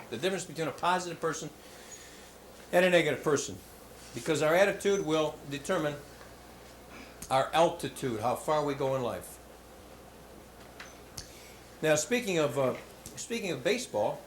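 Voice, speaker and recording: Man, motivational speaker, joking storyteller, fairly high voice, echoey school hall. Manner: animated, joking, hammy storyteller. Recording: roomy hall with faint background noise.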